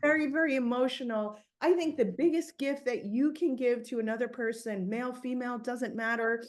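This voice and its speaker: A woman's voice: on the high side, steady tone, a little fast. A woman hosting an online book interview on a video call, effusive and emotional in her praise. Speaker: interviewer and book club host.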